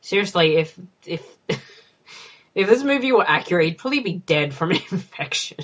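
A woman's voice: on the low side, animated, normal speed, a bit bright. A woman giving casual commentary over a film, wry and swearing, slipping into muttered asides. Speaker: movie watch-along co-host.

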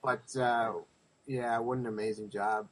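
A man's voice: mid-range voice, flat delivery, measured pace. A man co-hosting a podcast in casual chat, enthusiastic and swearing freely. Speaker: podcast co-host.

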